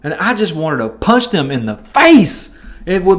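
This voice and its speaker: A man hosting a Bible teaching podcast, talking in a relaxed, conversational way. His voice sits a little higher than most men's. He gets animated when he acts out what people said. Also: normal speed. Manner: lively, conversational, swings into animated quoted voices. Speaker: podcast host teaching scripture.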